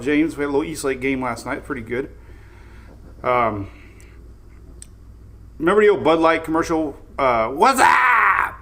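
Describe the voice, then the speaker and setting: A man's voice: fairly high pitch, creaky, fairly bright tone. Chatty upbeat man hosting a live stream. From Florida. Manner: rambling, upbeat, greets viewers by name, laughs often. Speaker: host of a weather live stream. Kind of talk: casual live-stream chat.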